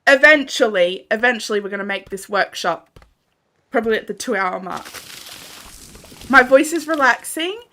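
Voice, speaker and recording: Australian woman, game streamer, laughs easily, bright forceful tone, casual banter. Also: a little high, animated, moderate pace, pauses often, a little hiss or hum. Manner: chatty, laughs often, banters and swears while playing. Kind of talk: casual live-stream chat with viewers. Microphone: desk microphone.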